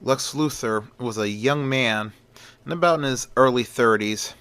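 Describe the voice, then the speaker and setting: A man narrating a homemade adventure story in a casual, rambling manner. His voice is bright and forceful, with a close, dry sound. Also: medium pitch, measured pace, clear, resonant tone, dry recording. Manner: rambling, with fillers and restarts.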